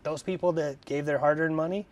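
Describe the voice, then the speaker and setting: A man hosting a casual podcast at home over drinks, talking about racing in a relaxed, reflective way. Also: fairly high pitch, a little fast, dull audio. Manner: relaxed, reflective, affirms often with "yeah". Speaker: podcast host and racer. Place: his house, over drinks. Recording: slightly distant mic with faint background noise.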